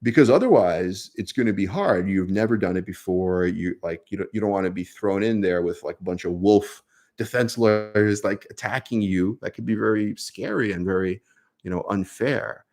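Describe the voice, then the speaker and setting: A man's voice: on the low side, normal speed, a little mellow. A man with a New York accent, a lawyer answering viewer questions on a casual live stream, speaking conversationally with many fillers.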